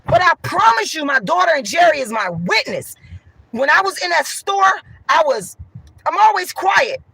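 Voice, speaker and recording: A woman venting loudly and emphatically to her viewers, repeating herself as she talks. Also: extremely high pitch, sing-song, normal speed, vocal fry, dry recording, poor audio. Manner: loud, emphatic and repetitive. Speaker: vlogger.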